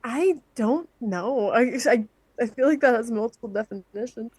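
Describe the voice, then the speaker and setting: A woman co-hosting a podcast, chatting casually in a thoughtful, measured way. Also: on the high side, a little mellow, husky. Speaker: podcast co-host. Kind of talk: casual chat.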